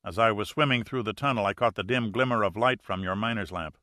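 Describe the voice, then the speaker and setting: A calm, wry male diver , read by a man narrator, speaks with dry understatement. The voice sits low yet bright and forceful. The recording is close and dry, like an audiobook. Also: quick pace, no echo. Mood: matter-of-fact. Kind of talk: audiobook character reading.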